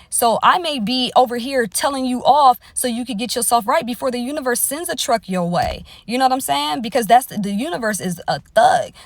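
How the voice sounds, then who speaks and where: A woman's voice: fairly high pitch, no echo. A woman astrologer talking on a livestream from inside her parked car, lecturing bluntly with plenty of swearing and tough love. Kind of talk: casual livestream monologue.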